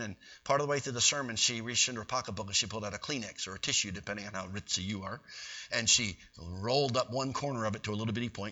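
Fast-talking folksy preacher, bright and sharp, heard from a distance. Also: male voice, fairly low pitch. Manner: folksy, animated storytelling. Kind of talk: sermon storytelling. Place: church. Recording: dull, distant recording.

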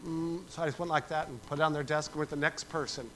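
A man delivers a sermon with a somewhat raised pitch, moving between talk, acted-out quotes and a sung verse. A faint hum runs underneath the recording. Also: fast talker, low-quality recording. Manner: animated preaching, acts out quoted voices, sings verse. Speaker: pastor.

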